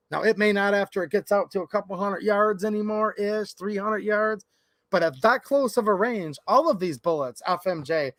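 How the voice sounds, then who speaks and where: Chatty high-voiced man on a livestream. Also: dry recording. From Michigan. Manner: chatty and opinionated, addresses chat directly. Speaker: gun channel livestream host. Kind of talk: casual livestream commentary. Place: his workshop.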